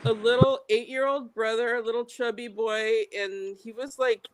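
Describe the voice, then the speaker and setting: A woman's voice: on the high side, fairly even intonation, normal speed. A woman chatting on a live stream, a laughing storyteller who acts out the people she quotes. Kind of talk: casual chat on a live stream.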